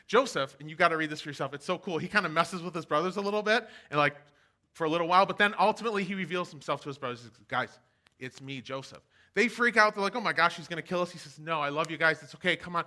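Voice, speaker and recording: A man giving a casual sermon for an online church service, retelling a Bible story in a chatty, animated way. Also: on the high side, racing. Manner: chatty, animated storytelling with playful quoted voices. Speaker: pastor.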